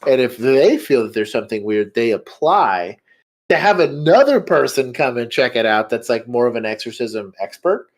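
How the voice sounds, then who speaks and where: A man guest in a casual chat, talking in a relaxed way with easy asides. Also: medium pitch, normal speed.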